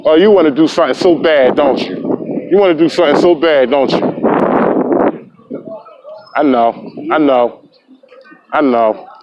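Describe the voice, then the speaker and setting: A man's voice: a little high, normal speed, pauses often, heavy background noise. A man filming police on a city street, taunting and lecturing them in a confrontational argument. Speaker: camera-carrying activist filming police. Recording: muffled lo-fi street recording.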